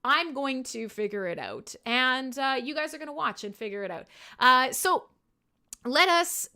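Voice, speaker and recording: A woman's voice: high voice, expressive, normal speed, pushed and bright. A woman hosting her own music livestream, chatting casually to viewers in a rambling, self-deprecating way, with casual swearing and frequent laughs. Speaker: livestream radio host.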